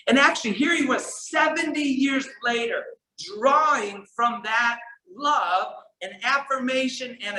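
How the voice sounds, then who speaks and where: A man giving a storytelling speech at a conference, earnest, sometimes soft and sometimes emphatic. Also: sits high, low-quality recording. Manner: earnest, shifts between soft and emphatic delivery. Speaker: keynote speaker.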